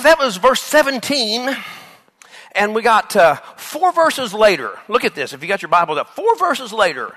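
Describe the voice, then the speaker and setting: A man's voice: sits high, fairly quick. A male pastor preaching a sermon, acting out Bible scenes with laughter and asides to the congregation. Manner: animated, acts out Bible dialogue with laughs.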